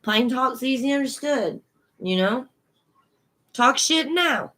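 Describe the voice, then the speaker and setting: A man's voice: extremely high pitch, lively intonation, slow, pushed and bright, pitched above the performer's own voice, exaggerated voice. A woman putting on her old Cajun grandfather, a blunt, plain-spoken older man with a Cajun accent, drawing out his words.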